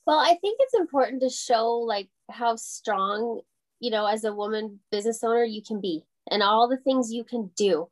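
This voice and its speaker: A woman, a small business owner chatting in an interview, full of fillers and quick laughs. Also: fairly high pitch. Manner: chatty, heavy on fillers like "you know", laughs often. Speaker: boutique owner guest. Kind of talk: casual interview chat.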